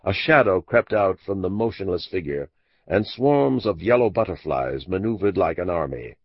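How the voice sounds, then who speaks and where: A man narrating a classic mystery audiobook in a measured, expressive storytelling manner. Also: low-pitched, no room sound. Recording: dull dry lo-fi audiobook recording.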